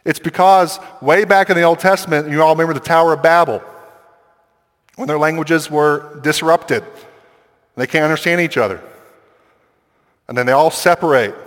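Animated preacher in a reverberant hall. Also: male voice, on the high side. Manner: conversational, animated, quick asides and acted quotes. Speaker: pastor. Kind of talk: sermon.

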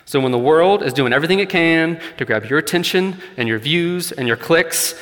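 Earnest preacher in a reverberant hall. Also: male voice, on the high side, expressive, moderate pace, fairly bright tone. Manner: earnest, conversational with light laughs, rising emphasis on key points. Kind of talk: sermon. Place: church hall.

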